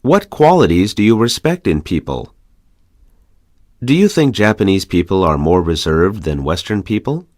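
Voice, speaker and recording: A lower-voiced man reads conversation questions aloud for a language course, his pitch rising and falling widely with each question. The delivery is measured and clear. The sound is close and dry, with no room around it. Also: big pitch swings, darkish tone, no echo. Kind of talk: scripted reading of practice questions.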